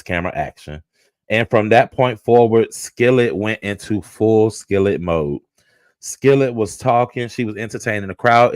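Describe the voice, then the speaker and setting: A man hosting a casual livestream, retelling online drama in an animated, profane storytelling manner. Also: fairly low pitch, dry recording. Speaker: livestream host.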